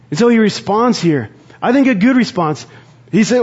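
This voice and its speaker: A man preaching a sermon in an earnest, conversational way, pausing to reflect. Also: high voice, animated, a little mellow, slightly rough, lo-fi sound. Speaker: pastor.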